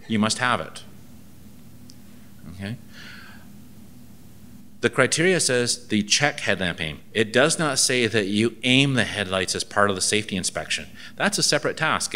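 A man's voice: on the low side, bright, forceful tone. A man, a transport ministry inspector from Canada, gives a seminar and tells anecdotes with dry humor, acting out bits of dialogue.

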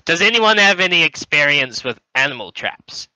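A man's voice: on the high side, sing-song, bright, forceful tone, no echo, low-quality recording. A man playing a tabletop game, rowdy and swearing, bantering with the group. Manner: rowdy, swearing, quick to laugh. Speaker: player.

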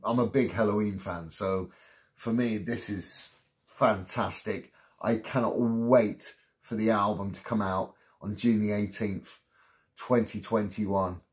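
An enthusiastic man giving an excited reaction commentary to a music video, exclaiming often. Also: on the low side. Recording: loud band music playing behind.

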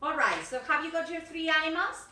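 A woman's voice: very high-pitched, expressive, brisk, sharp tone. A middle-aged woman teaching an English video lesson, chatty and encouraging, with frequent "okay" and "yes". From Argentina. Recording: echoey room, distant mic.

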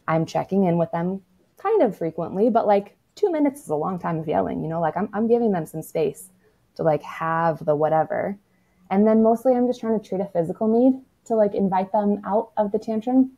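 A woman's voice: fairly low pitch, fairly quick, warm tone. A woman speaking as a toddler-parenting expert in a casual podcast conversation, frank and matter-of-fact, with lots of "like" and the odd swear word.

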